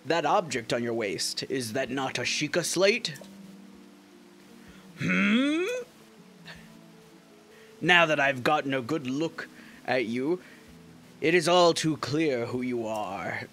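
A man voicing a stately male fish-folk king, reading game dialogue in a slow, formal way. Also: medium pitch, animated, fairly bright tone, faint music behind.

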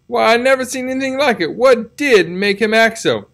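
A man's voice: very high-pitched, lively intonation, moderate pace, vocal fry, a bit bright, voice pushed up, exaggerated voice. A man voicing a stern old aunt who scolds her nephew, in a storybook reading. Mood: scolding. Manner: exclaiming, reproachful questions.

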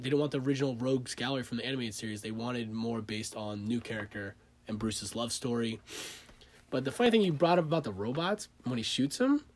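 A man co-hosting a film podcast, sharing behind-the-scenes trivia in quick bursts. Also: medium pitch. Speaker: podcast co-host. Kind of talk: casual film discussion.

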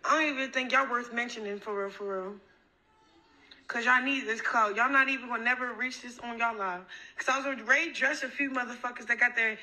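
A woman's voice: fairly high pitch, fairly even intonation, fairly quick, sharp tone, poor audio. A woman on a livestream defiantly swearing at and taunting her viewers.

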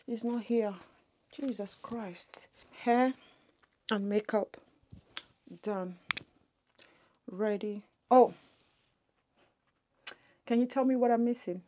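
A woman talks through her makeup routine, half to her viewers and half to herself. Her voice is soft and warm, and she sits close to the camera at home. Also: a little high, steady tone, takes it slowly, pauses often, slight background noise. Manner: chatty, muttering to herself while doing makeup. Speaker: beauty vlogger. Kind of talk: get-ready-with-me makeup chat.

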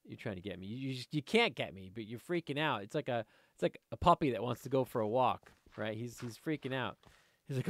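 A man's voice: mid-range voice, lively intonation, fairly quick, fairly bright tone, no room sound. Chill gamer dude talking thru his play, rambly, chats w the mobs, dry close mic. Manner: chatty and rambling, easily sidetracked, talks to the viewers and the game creatures. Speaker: let's play host. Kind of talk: casual gameplay commentary.

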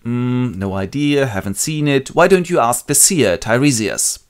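A man's voice: medium pitch, expressive, unhurried, voice pushed up. A man voicing a nervous chorus of townsfolk who fret and gossip. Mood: fretting. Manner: fretting, gossipy.

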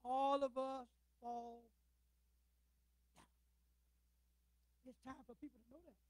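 High-voiced older preacher. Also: male voice, level tone, slow, dry recording, poor audio. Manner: emphatic preaching with rhetorical questions and call-outs to the congregation; swings between loud declarations and low, quiet asides. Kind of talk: sermon.

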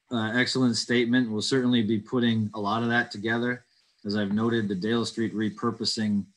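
A man's voice: deep voice, husky, poor audio. A man chairing an online town committee meeting, reading out residents' questions and answering them carefully with many ums and uhs. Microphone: video call.

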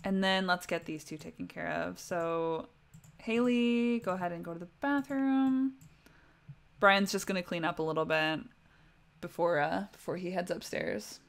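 A woman's voice: on the low side, normal speed, creaky. A young adult woman giving casual, chatty commentary on a life-sim game during a livestream, often talking straight to her characters.

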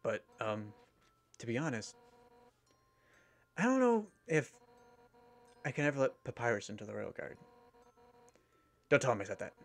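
Brash female fish warrior captain, read by a man, mid-pitched, blunt, faint game music under it. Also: sing-song, normal speed, gravelly, long pauses. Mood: wistful. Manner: loud, boastful, blunt. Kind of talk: reading game dialogue aloud.

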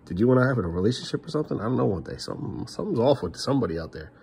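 A middle-aged man ranting in a vlog monologue, rambling and frustrated, swinging between loud outbursts and muttered curses. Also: mid-range voice, expressive, racing, gravelly, slight background noise. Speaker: family vlogger.

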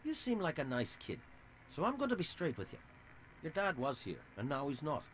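An actor with an Irish accent playing a sly, theatrical middle-aged saloon owner in a video game. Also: male voice, fairly high pitch, wildly swooping pitch, normal speed, slight background noise. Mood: smug. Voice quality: theatrical, smug and oily.

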